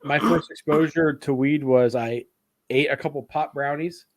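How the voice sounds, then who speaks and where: A man's voice: on the high side, moderate pace. A man hosting a casual chat, telling rambling stories with plenty of swearing and acted-out quotes. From Italian heritage. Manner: rambling storyteller, swears freely, acts out quotes. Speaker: podcast host.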